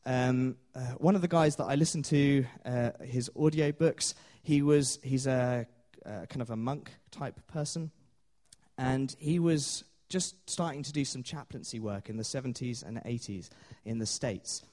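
A man's voice: mid-range voice, unhurried, dark tone. A man preaching a sermon in a chatty storytelling way, with many fillers and small laughs.

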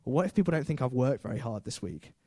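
A man's voice: mid-range voice, very animated, quick pace, warm tone, dry recording. Male preacher, chatty sermon, joking asides, dry close sound.

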